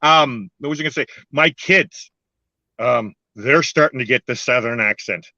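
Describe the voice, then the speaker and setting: An older man from Canada chats casually and keeps breaking into giggles. His voice is bright and forceful. The sound is dry and a little dull. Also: medium pitch, normal speed, dry recording. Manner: giggly, laughs often. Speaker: co-host. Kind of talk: casual chat.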